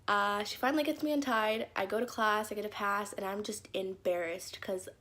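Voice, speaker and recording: A woman's voice: medium pitch, steady tone, normal speed, pushed and bright. A young woman telling embarrassing stories from her childhood in a casual vlog, with lots of "like" fillers and acted-out quotes. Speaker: YouTuber. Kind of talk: story time vlog.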